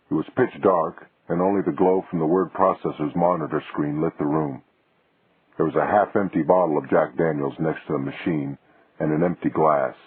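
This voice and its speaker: A man tells the story in a steady, even way with a very husky voice. His pitch sits low. The recording is dry and thin, like a phone line. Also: no room sound. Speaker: audiobook narrator. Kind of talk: scripted narration.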